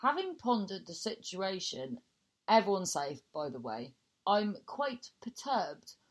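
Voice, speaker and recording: A woman presenting a chatty radio show, reading out listener messages and reacting with animated exclamations. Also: measured pace. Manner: animated, exclaiming, swings high in surprise.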